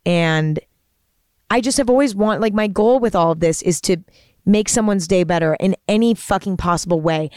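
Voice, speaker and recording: A woman hosts a podcast alone, talking in a casual, heartfelt ramble full of "you know" and restarts. Her voice is smooth and clear, at an ordinary pitch for a woman. It is recorded close on a microphone in a dry space with no echo. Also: normal speed, darkish tone. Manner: earnest, rambling, many fillers and restarts. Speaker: podcast host. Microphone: studio microphone.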